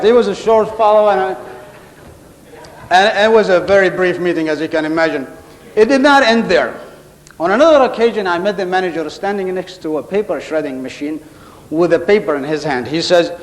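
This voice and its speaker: Through a stage mic echoing with a big hall's long reverb, a man with a high voice speaks a little fast. He's an Arabic-speaking contest speaker delivering a funny speech, storytelling and slipping into the voices of the characters he quotes.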